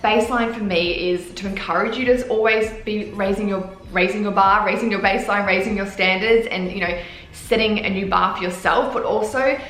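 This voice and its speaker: A woman talking excitedly to camera in a casual vlog about launching her clothing brand. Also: medium pitch, a little fast, reverberant, poor audio. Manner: gushing, excitable. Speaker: fitness clothing brand founder.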